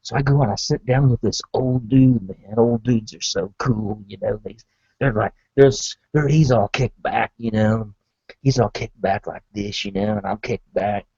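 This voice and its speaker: A man's voice: lowish voice, fairly even intonation, moderate pace, a little mellow, slightly rough, dry recording. A man telling a rambling comic story in hip retro slang, full of asides. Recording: dull lo-fi dry sound.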